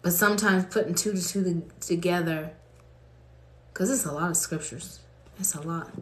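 A fairly low-pitched woman speaking at normal speed leads a livestream from Colorado. Between prayers and unscripted chat, she laughs frequently and reads viewer comments out loud, recorded with a roomy echo.

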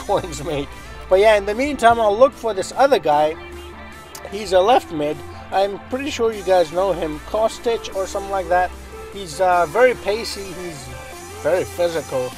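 A man commentating his own football video game, excitable and swearing often, shouting at plays. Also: fairly high pitch, rough recording. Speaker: gaming channel host.

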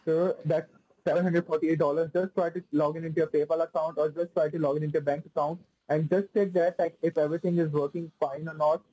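Husky guy on a phone call, playing support agent, says "like" and "sir" constantly, dry close sound. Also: fairly high pitch, level tone, fast, mellow, no room sound. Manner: repetitive, fills speech with "like" and "sir".

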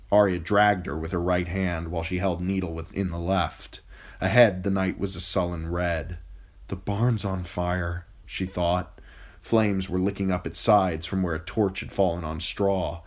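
A man reading a fantasy novel aloud as an audiobook narrator, steady storytelling with occasional slips. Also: sits low. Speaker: audiobook reader. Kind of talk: scripted narration.

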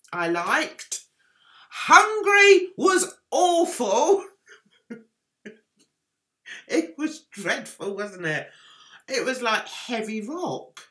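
On a casual live stream, a woman chats with her viewers, rambling, poking fun at herself, and reading the chat aloud. Her voice sits on the high side and sounds pushed and bright.

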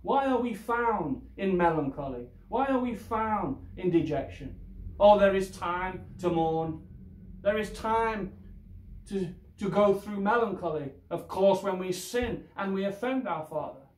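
Slow, deliberate preaching man, echoey. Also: sits high, animated, darkish tone. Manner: slow, deliberate exhortation with rhetorical questions. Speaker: pastor. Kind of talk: sermon.

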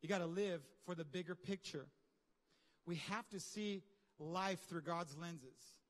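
Animated high-voiced preaching man. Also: unhurried, in a large hall. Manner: animated, conversational preaching with slang and asides. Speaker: pastor. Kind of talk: sermon. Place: large church hall.

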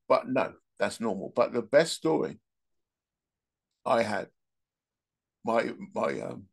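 A man's voice: fairly low pitch, vocal fry. A man hosting a podcast, telling rambling, joking anecdotes in a casual monologue. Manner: rambling, joking storyteller who laughs at his own anecdotes. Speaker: podcast host.

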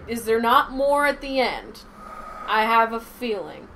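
A woman chatting through a video game session with a bright, fairly high voice. She talks slowly and teases her partner, swearing freely and breaking into laughter often. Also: animated, a little hiss or hum, poor audio. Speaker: let's play co-host. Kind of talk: casual gameplay chat.

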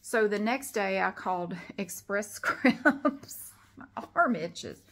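A middle-aged woman with a drawl tells a long story straight to her camera at home. She sounds exasperated and animated, and she slips into lively retellings as she goes. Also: mid-range voice, slow. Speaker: vlogger.

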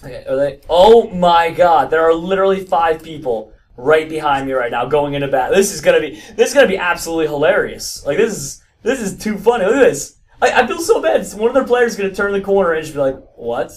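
A man giving excited gameplay commentary, stammering and restarting with frequent exclamations. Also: on the high side, fast, hardly any pauses, far from the mic. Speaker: gaming video host.

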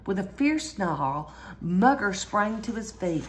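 Woman, storybook read-aloud, lively delivery, slightly low pitch. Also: slow pace, a little hiss or hum. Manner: lively read-aloud, jumps higher for squeals and cries. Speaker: storyteller reading a picture book.

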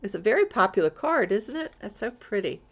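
A woman from Florida rambles through her crafting vlog, starting sentences over and trailing off. Her voice has a gravelly edge. The home recording sounds dull and lo-fi. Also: medium pitch, big pitch swings, fairly quick. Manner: rambling, chatty, many restarts. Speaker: crafting vlogger. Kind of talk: casual chatty vlog.

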